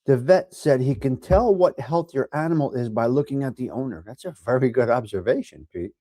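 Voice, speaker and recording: A middle-aged man with a New York accent hosting a casual live chat, giving blunt, profane tough love to viewers and swinging from low mutters to loud outbursts. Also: lively intonation, a little fast, dry recording, studio quality. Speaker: livestream host reading chat.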